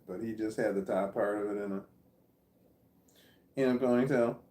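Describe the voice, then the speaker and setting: A man's voice: mid-range voice, a little mellow, roomy sound. A Midwestern American man vlogging in a rambling, self-deprecating monologue that keeps losing its thread. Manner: meandering, self-deprecating, loses his train of thought. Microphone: phone or camera nearby.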